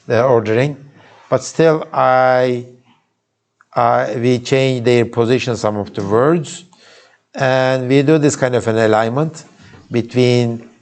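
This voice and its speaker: A man's voice: medium pitch, steady tone, slow, a little mellow. A man with a Turkish accent giving a university lecture in a casual way, often restarting sentences and checking in with students. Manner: informal, many restarts and asides to students. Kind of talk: classroom lecture. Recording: recorded live in a lecture hall.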